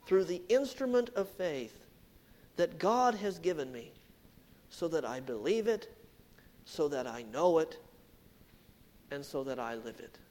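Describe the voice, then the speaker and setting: A man preaching a sermon, dropping to hushed low phrases and then rising loud and emphatic. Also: big pitch swings, measured pace, pauses often. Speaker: pastor.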